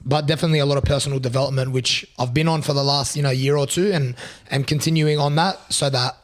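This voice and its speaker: Hoarse raspy guy in his twenties, chatting earnestly on a podcast, lots of um and you know, mid-pitched voice. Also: steady tone, fast talker. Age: 20s. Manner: earnest, searching for words with many fillers. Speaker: podcast co-host. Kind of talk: casual chat.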